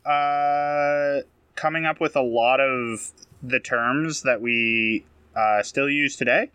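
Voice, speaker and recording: A man telling a history story on a comedy podcast with a bright, clear, smooth voice. He delivers jokes in a dry, mock-serious way, with plenty of ums and uhs. The sound is close and dry, with no room echo. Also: mid-range voice, fairly even intonation, slow pace. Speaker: podcast co-host.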